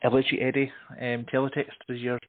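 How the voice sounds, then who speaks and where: A male host puts listener questions to his guest in a friendly, casual way. His voice sits at a middle pitch. It comes over a dry, narrow, phone-like line. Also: monotone, fairly quick, no room sound. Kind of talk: casual interview chat.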